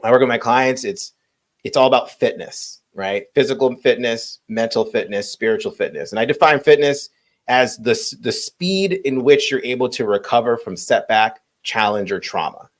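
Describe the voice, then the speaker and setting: A man's voice: medium pitch, moderate pace. A man hosting a podcast, speaking in a reflective, earnest way and often checking in with "right?". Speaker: podcast host. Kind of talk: casual podcast conversation. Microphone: remote video call.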